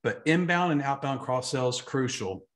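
A man, an insurance agency trainer, giving an emphatic, energetic live online training talk and repeating his key points. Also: medium pitch, moderate pace.

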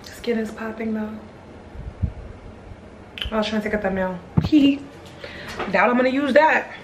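A young woman, chatting excitedly to her viewers in a casual home vlog filmed on a phone. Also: fairly high pitch, measured pace, noisy background. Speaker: vlogger.

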